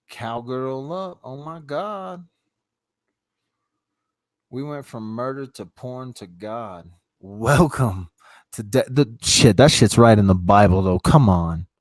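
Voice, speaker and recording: Streaming live from his phone, a middle-aged man chats loosely with callers, rambling and swearing freely. His voice is medium-pitched, and the recording is dry.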